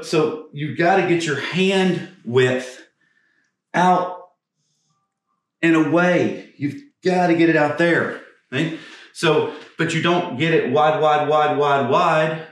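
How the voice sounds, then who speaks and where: A male golf coach talks through swing moves while demonstrating them, blunt and casual, with the odd curse. He gets short of breath from the swings. His voice rings in a very echoey space, picked up from some distance off the mic. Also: on the high side. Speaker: golf instructor.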